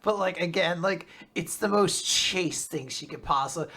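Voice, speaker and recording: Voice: medium pitch, normal speed, pushed and bright, breathy edge. A co-host on a casual manga recap podcast who gushes enthusiastically and swears freely.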